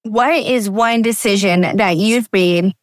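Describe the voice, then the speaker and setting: A woman hosts a podcast, chatting casually with her guest. Her voice has a middling pitch and sounds dry and close to the mic. She responds warmly and affirmingly, easily moved by the stories she hears. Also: slow pace, dry recording. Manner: warm, affirming, emotionally responsive. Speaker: podcast host. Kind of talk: casual interview chat.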